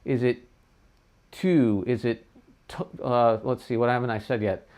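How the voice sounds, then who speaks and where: A man's voice: mid-range voice, steady tone, measured pace, darkish tone. A middle-aged man teaching trumpet tonguing in a casual livestream lesson, chatting loosely and sounding out syllables.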